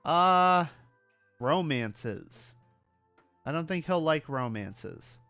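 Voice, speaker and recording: A man's voice: on the high side, drawn-out words, vocal fry, clear, resonant tone, no room sound, soft background music. A man with a mixed Southern US and New York accent, giving casual, swearing, laughter-filled commentary while playing a game. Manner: animated, profane, laughs often. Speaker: streamer.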